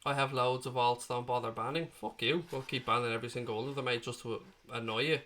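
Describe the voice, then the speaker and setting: Hosting a live football watchalong, this Irish man in his thirties talks fast in a medium-pitched, fairly bright voice with fairly even intonation. He is matey and casual, going through chat questions one at a time, and he's recovering from an illness.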